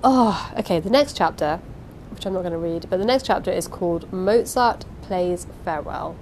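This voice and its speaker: A woman reading a classic novel aloud and then chatting casually about the chapter in a lively, expressive way. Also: lowish voice, moderate pace, a little hiss or hum, low-quality recording. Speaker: reader.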